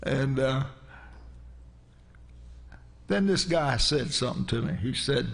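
Brief: preacher, middle-aged, gravelly voice, rambling folksy anecdotes from the pulpit. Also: male voice, mid-range voice, animated, slow pace. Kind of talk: storytelling sermon.

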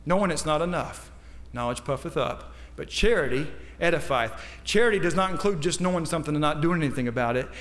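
A male pastor with a high voice delivers a sermon, starting with calm, measured scripture readings and rising to fervent, climbing peaks of emphasis. A long, trailing reverb follows his words, as though he were recorded in a large church sanctuary.

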